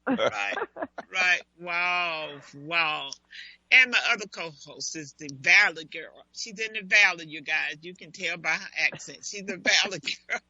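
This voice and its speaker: Woman radio talk host, playful straight talk, very bright forceful tone, dry muffled recording. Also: fairly low pitch, measured pace, no echo. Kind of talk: live internet radio talk. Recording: dull dry lo-fi audio.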